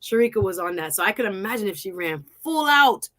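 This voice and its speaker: A woman with a Jamaican accent giving excited, casual commentary on a track race, laughing and shouting as she talks. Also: medium pitch, fairly quick. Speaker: sports commentary vlogger.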